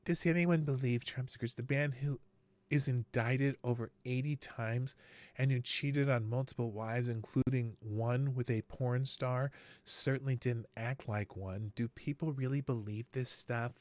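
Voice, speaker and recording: A man doing a whiny, mocking voice of a male pundit, lower and quieter than his own voice. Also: steady tone, a little slow, dry recording, natural voice.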